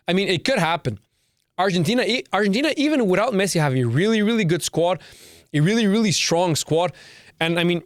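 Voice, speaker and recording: A man's voice: a little high, no room sound, studio quality. Brash young man ranting on a podcast. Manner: brash, emphatic, repeats himself, swears. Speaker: podcast host. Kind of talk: casual solo podcast rant.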